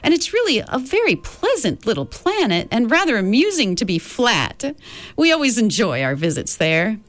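A woman's voice: fairly high pitch, sing-song, normal speed, dry recording, voice pushed up. A woman voicing a cheerful, motherly old female being from the stars who reassures children. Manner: bright, coaxing, reassuring.

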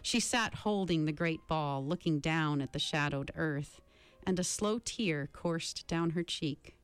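Slow, expressive woman reading aloud. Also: low voice, clean tone. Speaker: reader.

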